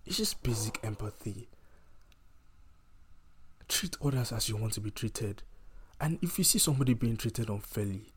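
A man's voice: lowish voice, animated, moderate pace, pauses often, husky. Man in an impassioned rant. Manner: heated, emphatic, repeats and restarts phrases.

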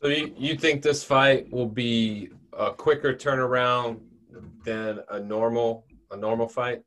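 A man's voice: mid-range voice, fairly even intonation, a little slow, a bit bright. A man interviewing a fighter, asking long, rambling questions with repeated words.

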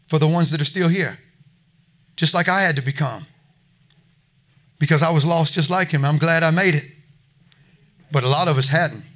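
A middle-aged man delivering an informal sermon to a congregation. His voice sits high and sounds bright and forward. He talks in a folksy, conversational way, circling back and repeating himself as he makes his points. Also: normal speed, long pauses. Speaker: preacher at a recovery ministry.

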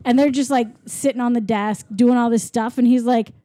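A woman's voice: fairly high pitch, steady tone, fairly quick, mellow, no echo, studio quality. A woman chatting casually while retelling a film plot, with "like" in nearly every sentence. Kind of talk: casual chat recapping a film.

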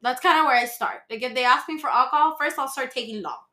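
A woman's voice: high voice, fast talker, pushed and bright. A woman who works as a restaurant server, chatting casually as a podcast guest about handling drunk customers. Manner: chatty, explains plainly, frequent fillers.

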